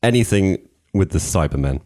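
A man's voice: sits low, expressive, moderate pace, darkish tone. A man in casual podcast chat, speaking bluntly and with strong opinions.

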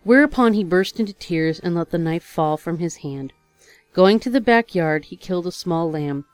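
A woman narrating a fairy tale as a storybook reading, in a measured, expressive way. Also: fairly low pitch, dry recording, soft background music.

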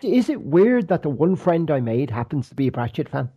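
Guy cohosting a podcast, joking around, mellow voice, kinda muffled lo-fi sound. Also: on the high side, very animated, a little fast, breathy edge. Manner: dry, joking banter. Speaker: podcast co-host. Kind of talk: casual chat. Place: rented flat abroad.

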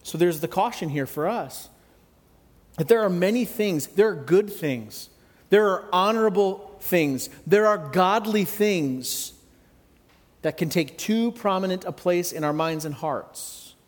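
A man preaching a sermon in a conversational, reflective way with gentle humor. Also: high-pitched, expressive, unhurried, long reverb tail. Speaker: pastor.

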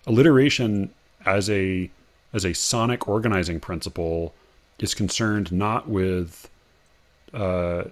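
A man in casual conversation, halting and self-interrupting as he picks apart rhyme and stress in verse. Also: low voice. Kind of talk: casual conversation about poetry and rap.

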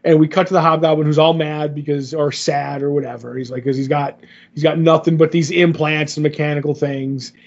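A man with a slightly high voice rambles through a comic recap, full of ums and little acted-out quotes. The sound is dull and lo-fi, like a cheap podcast mic. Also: little pitch movement, a little fast. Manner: rambling recap with many fillers, acts out quotes. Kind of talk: casual chat. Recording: dull lo-fi audio.

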